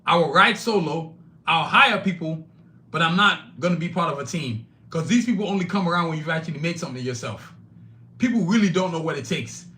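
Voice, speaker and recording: Brash, bright-voiced man ranting on a live stream. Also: a little high, lively intonation, a little fast. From Nigeria. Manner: emphatic, blunt and profane, talks straight to chat. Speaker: podcast host. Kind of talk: live-streamed solo podcast rant.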